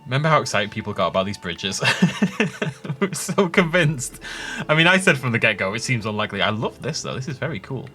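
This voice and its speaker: A man's voice: on the low side, expressive, quick pace, sharp tone, soft background music. A man giving enthusiastic, jokey commentary on his own gameplay as a gaming video host. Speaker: gaming YouTuber.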